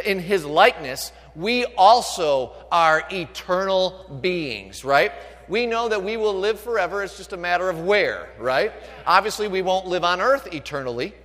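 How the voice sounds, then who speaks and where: A man's voice: high voice, animated, moderate pace, a bit bright. Preaching man in an echoing hall. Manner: preaching with call-outs to the congregation. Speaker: pastor. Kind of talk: sermon. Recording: long reverb of a large hall.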